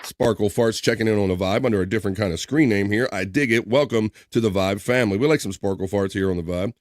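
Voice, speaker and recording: A man's voice: lowish voice, quick pace. Joking man reading stream chat. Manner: loose and joking, laughs easily, drawls shout-outs. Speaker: livestream host. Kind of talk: casual livestream chat, reading viewer comments aloud.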